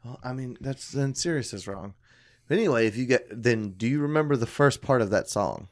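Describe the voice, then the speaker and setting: A man chatting casually with friends on a podcast, laughing loudly and often and swearing freely as he tells a family story. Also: medium pitch, animated, brisk. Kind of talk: casual chat among friends.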